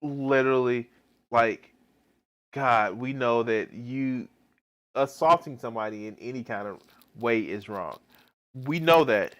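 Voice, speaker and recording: A man's voice: medium pitch, a little slow, pauses often, a bit bright. A man live-streaming reaction commentary, exasperated and swearing heavily, with rambling restarts.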